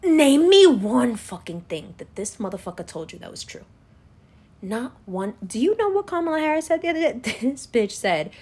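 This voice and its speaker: A woman's voice: fairly high pitch, big pitch swings, moderate pace, darkish tone, breathy edge. A woman delivering an angry, profane political rant, scornfully lecturing the viewer directly. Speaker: political commentator.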